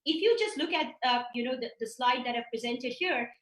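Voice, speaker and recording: A woman's voice: high-pitched, brisk, distant mic. A woman giving an emphatic business presentation over a video call, walking through her slides. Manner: emphatic, with some restarts. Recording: roomy, from off the mic.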